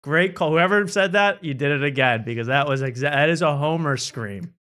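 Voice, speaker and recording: A man's voice: on the high side, fairly bright tone, smooth. Sarcastic man hosting a comedy talk show. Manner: sarcastic, rapid riffing.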